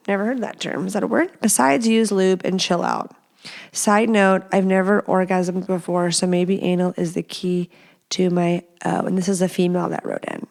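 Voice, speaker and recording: A woman's voice: fairly low pitch, steady tone, normal speed, gravelly, a little mellow. A young woman hosting a podcast, giving casual advice in a chatty, playful way with many fillers. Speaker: podcast host.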